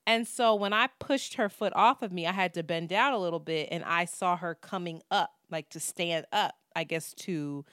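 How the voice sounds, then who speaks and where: A woman's voice: on the low side, moderate pace, hardly any pauses, a bit bright, clean tone, no room sound, clean studio sound. A woman, co-hosting a podcast and telling a story in casual, profane talk, acting out what people said. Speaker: podcast co-host.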